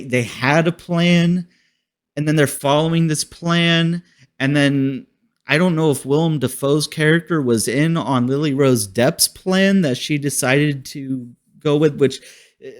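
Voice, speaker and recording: Rambling, profane male podcast host. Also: fairly high pitch. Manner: rambling, profane, laughs often. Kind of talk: casual movie review chat.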